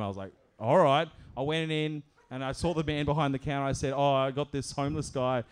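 A man's voice: medium pitch, brisk, hardly any pauses, smooth. A man telling a comic story on stage at a live show, laughing through his lines and acting out the voices in it.

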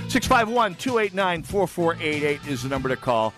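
A man's voice: on the high side, big pitch swings, moderate pace, hardly any pauses, over music. A man hosting a talk radio show, delivering a monologue with wry, sarcastic asides.

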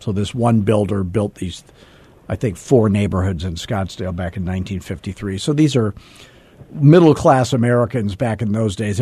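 A man's voice: on the low side, husky. A man in his sixties, a real estate coach, telling a self-deprecating story on a call and acting out the dialogue. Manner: animated, acts out quoted dialogue; self-deprecating, chuckles often.

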